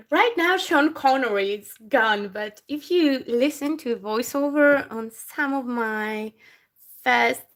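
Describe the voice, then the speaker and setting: On a casual craft stream, a non-native English speaker works and chats, laughing frequently. She has a slightly high, fairly bright voice, slushy sh sounds, and a slow, halting way of speaking.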